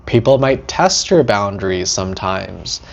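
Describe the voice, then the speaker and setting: A man hosting a teaching talk about setting boundaries, animated, acting out short quoted lines and often asking "right?". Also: lowish voice, measured pace, vocal fry, muffled recording. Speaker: host.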